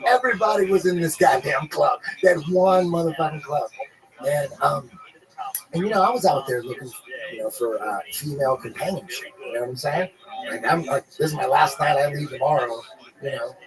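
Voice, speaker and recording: A man's voice: a little high, fairly quick, a crowd in the background, poor audio. A man guest on a podcast, telling a rambling, profane story in a laid-back, casual way.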